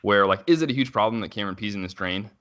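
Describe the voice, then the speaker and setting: Thirties dad type, low and fast, bright-edged voice, loose rambly storyteller with filler-heavy delivery. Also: male voice, expressive, highs cut off. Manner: rambling, frequent "like" fillers and self-restarts, quick laughs. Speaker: father telling a story. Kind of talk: casual conversational chat.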